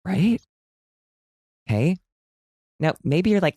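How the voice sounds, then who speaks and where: A man's voice: expressive, moderate pace, no echo. Chatty man with a dry close sound. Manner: chatty, dramatic, self-mocking, bursts into a booming announcer voice. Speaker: podcast host. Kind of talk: casual podcast chat. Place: hotel room.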